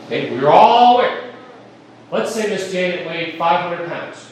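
A man's voice: sits high, expressive, measured pace, a little hiss or hum. A man preaching a sermon as pastor, folksy and emphatic, joking with the congregation. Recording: echoey room, mic at a distance.

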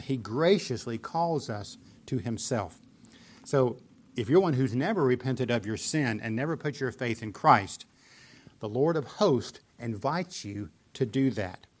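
A man's voice: medium pitch, animated, a little slow. A man preaching a sermon, explaining scripture earnestly and pressing points with emphatic repetition. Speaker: pastor.

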